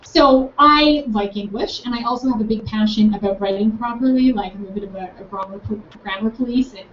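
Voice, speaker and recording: A young woman recounts a campus conversation with enthusiasm, animatedly acting out both participants. Her mid-range voice moves fairly quickly. The recording has a dull, echoey, distant room quality and faint noise.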